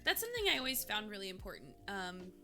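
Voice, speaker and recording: A woman's voice: mid-range voice, huge pitch swings, fast talker, bright, forceful tone, soft background music. A young woman from Minnesota chatting casually with her stream's live chat, rambling with lots of fillers.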